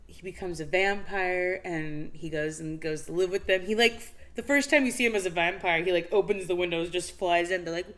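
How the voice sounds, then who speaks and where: A woman's voice: a little fast, hardly any pauses. A woman co-hosting a casual live-stream chat, telling a story with lots of fillers and acted-out bits. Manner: animated storytelling, acts out scenes with high squeals and laughs; many fillers and restarts. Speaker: podcast co-host.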